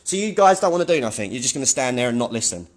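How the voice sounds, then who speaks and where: A man records his own confrontation with staff at a public office building, speaking in a mid-range, sing-song voice at a racing speed. His commentary is indignant and combative, and he keeps repeating himself.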